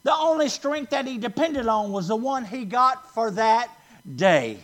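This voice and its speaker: A man's voice: very high voice, expressive, a bit bright. A man preaching a sermon to a congregation, stressing key words by drawing them out and asking the listeners questions. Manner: emphatic, drawn-out stresses, asks the congregation questions.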